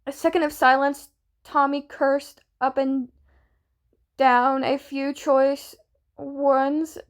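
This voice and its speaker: Young woman reading a story slowly. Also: high-pitched. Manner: stumbles and restarts words, slow. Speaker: fanfiction reader.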